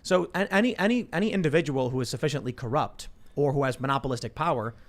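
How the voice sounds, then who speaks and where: A man's voice: mid-range voice, quick pace. A man in his thirties hosting a casual political talk show, reading news aloud and riffing with lots of restarts. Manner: animated, reads news aloud then riffs with restarts. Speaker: podcast host.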